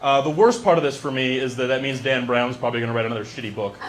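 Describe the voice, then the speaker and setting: Wry stand-up comic, noisy live room. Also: male voice, mid-range voice, racing. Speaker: stand-up comedian. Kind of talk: stand-up comedy monologue. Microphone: handheld microphone.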